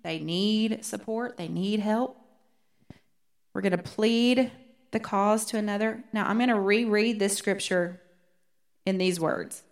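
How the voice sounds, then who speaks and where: A woman teaching a Bible study, rereading verses slowly and earnestly. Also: mid-range voice, creaky.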